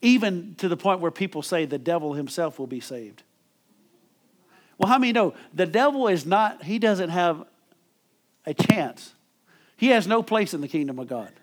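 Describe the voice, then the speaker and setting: Middle-aged guy preaching, kinda high voice, emphatic pastor asking for amens. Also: expressive, moderate pace, long pauses. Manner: emphatic preaching with call-and-response. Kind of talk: sermon.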